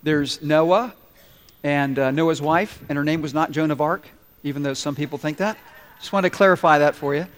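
A male pastor preaching a sermon to his congregation in an animated, playful way, acting out little asides. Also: on the high side, moderate pace. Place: large church hall. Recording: reverberant church hall. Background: congregation responding.

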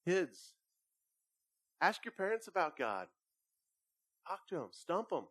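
A man, a pastor with young children, preaching a conversational sermon and telling lively family stories. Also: sits high, slow pace, no echo, studio quality. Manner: conversational preaching with animated anecdotes.

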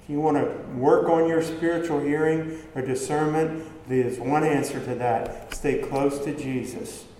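A man delivers a sermon in a relaxed, mellow voice, talking to his congregation and asking them question after question. His words ring through a roomy hall with a long, echoing tail. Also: a little high, measured pace, few pauses, slight background noise. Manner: conversational, asks the congregation rhetorical questions. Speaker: preacher. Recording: echoey hall with long reverb, faint ambience.

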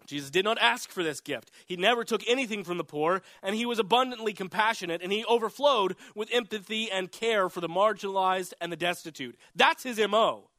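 Bright-voiced man preaching a sermon. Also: fairly quick, few pauses, no room sound. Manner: earnest, rises in pitch and volume for emphasis. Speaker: pastor.

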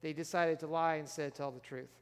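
A man preaching in a fairly high voice, his words ringing through a large church hall with a long tail of reverb. He keeps things conversational and throws questions to the congregation. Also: steady tone, fast, clean tone. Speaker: pastor. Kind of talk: sermon.

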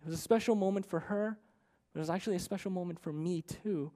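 A man's voice: high-pitched, quick pace, mellow. A man in his thirties, a pastor telling a personal story in a sermon, earnest and conversational, often checking in with "right?".

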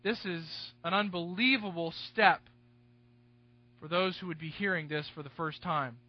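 A man preaching an expository sermon to his congregation, stressing key words loudly and then dropping into hushed asides. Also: a little high, a little slow. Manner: emphatic, swinging between loud stresses and hushed asides. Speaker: pastor. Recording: dull, dry, slightly lo-fi recording.

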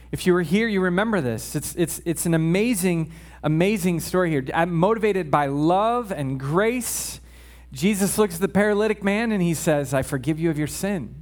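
A man preaching a casual sermon in church, chatty with joking asides and frequent check-ins with the congregation. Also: high-pitched.

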